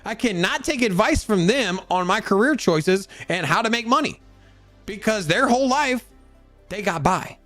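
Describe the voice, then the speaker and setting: A man rants about work and money in a casual motivational style, his voice a touch high and swinging widely in pitch. He trips over repeated words and slips into other people's voices along the way. A faint bed of music plays under the close, dry sound. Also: moderate pace. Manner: animated, repeats words, acts out quoted voices. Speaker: crypto channel host.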